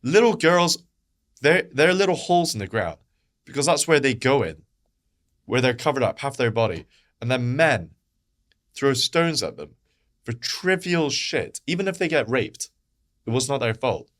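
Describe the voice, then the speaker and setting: A man's voice: medium pitch, sing-song, moderate pace, long pauses, fairly bright tone. A man with a Scottish accent, a podcast guest talking bluntly and heatedly, swearing and repeating points for emphasis. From Scotland. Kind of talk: impassioned podcast conversation.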